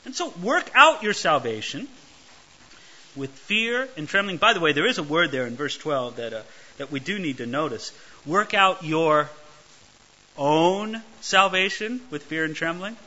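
Male pastor preaching, high and very lively voice, bright tense tone, dull lo-fi sound. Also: measured pace. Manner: animated, emphatic, acts out quoted voices. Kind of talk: expository sermon. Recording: dull lo-fi recording.

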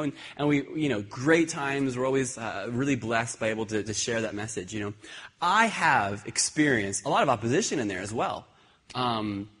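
A man preaching a sermon, telling animated personal stories with many restarts and repeated words. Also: mid-range voice. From Ireland. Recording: husky voice in a hall with long reverb.

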